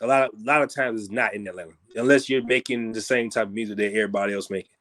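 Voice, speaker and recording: A man talking as a guest musician in a casual interview, rambling loosely and peppering his talk with "you know what I'm saying", growing animated when he makes a point. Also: racing. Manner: grows animated and higher when making a point.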